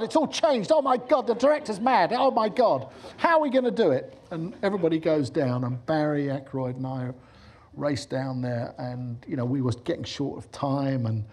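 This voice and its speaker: A middle-aged film director giving a lecture, telling anecdotes and acting out the voices of the people in them. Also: male voice, mid-range voice, mellow, slightly rough.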